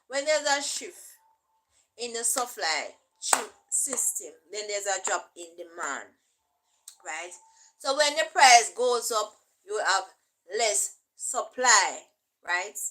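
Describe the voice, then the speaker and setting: A woman's voice: mid-range voice, a bit bright, rough recording. A young Jamaican woman vlogger explaining things in a casual, chatty way and often checking in with "right?".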